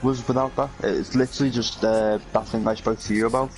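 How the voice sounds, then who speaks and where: A man's voice: mid-range voice, flat delivery, a little fast, a little mellow, poor audio. Tired, sweary Merseyside young man. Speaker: co-streamer. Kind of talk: casual chat while gaming.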